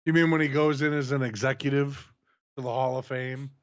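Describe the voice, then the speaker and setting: A man's voice: mid-range voice, steady tone, a little fast, clear, resonant tone, no echo, highs cut off. A man co-hosting a casual wrestling review, making dry, wry remarks. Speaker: podcast co-host.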